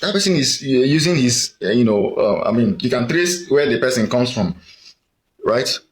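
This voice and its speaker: Nigerian man, casual talker, rambling and questioning, mid-pitched voice. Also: lively intonation, moderate pace. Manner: rambling, questioning, frequent fillers. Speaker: commentator. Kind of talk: casual monologue.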